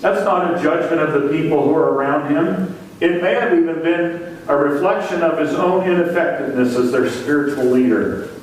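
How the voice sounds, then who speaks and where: A man's voice: fairly high pitch, normal speed, a little hiss or hum. Male pastor preaching in an echoing church. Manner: preaching with rising emphasis on repeated words. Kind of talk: sermon. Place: church sanctuary. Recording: echoey church hall from far off.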